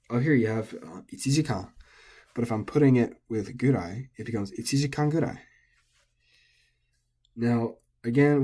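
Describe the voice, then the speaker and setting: A man's voice: mid-range voice, a little mellow, slightly rough. A man, an English speaker, giving a casual recorded language lesson, thinking aloud with frequent ums and self-corrections. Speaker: language teacher.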